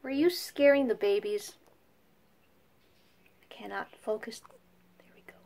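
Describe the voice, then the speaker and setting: Slow-talking woman soothing baby birds. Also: creaky, a little mellow. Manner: soothing, talks to birds in a high coaxing voice. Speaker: pet bird keeper filming her budgies. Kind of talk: casual home vlog narration.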